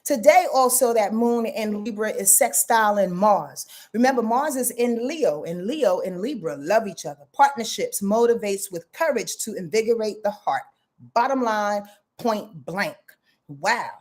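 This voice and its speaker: Animated chatty woman astrologer. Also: mid-range voice, a little slow. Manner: animated, chatty, addresses viewers as y'all; goofy, laughs at her own slips. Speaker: astrologer hosting a live stream. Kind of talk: casual live-stream forecast.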